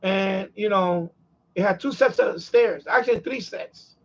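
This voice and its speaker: A man's voice: high voice, measured pace, fairly bright tone, highs cut off. A man with a New York accent chatting casually and repetitively on his radio hobby live stream. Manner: repetitive, conversational, chuckles often. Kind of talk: casual rambling chat.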